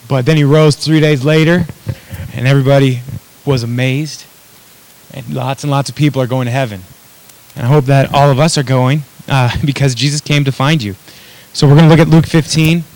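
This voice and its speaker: Guy giving a chatty sermon, a bit high voice, dry close sound, jokes at himself. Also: no echo, rough recording. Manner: conversational, self-deprecating preaching with asides to the audience. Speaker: pastor.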